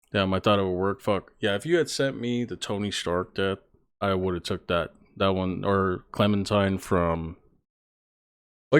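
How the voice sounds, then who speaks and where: A man's voice: deep voice, smooth. A male streamer giving casual live-stream commentary, chatty and swearing as he reacts to viewers.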